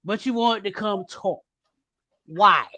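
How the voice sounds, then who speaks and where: Podcast co-host, sassy, emphatic, bright tone, dry room. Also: medium pitch, takes it slowly, no echo. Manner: sassy, emphatic, preachy asides. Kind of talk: casual chat.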